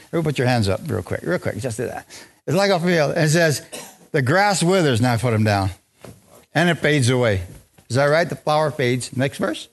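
A man preaching a lively, joking sermon in a church, drawing responses from the congregation. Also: a little high, brisk. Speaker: pastor. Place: church sanctuary.

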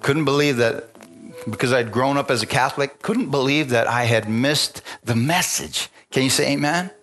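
A man's voice: mid-range voice, normal speed, fairly bright tone. Chuckling preacher man calling for amens. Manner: call-and-response preaching with frequent amens; conversational and chuckling. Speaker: pastor. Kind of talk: sermon.

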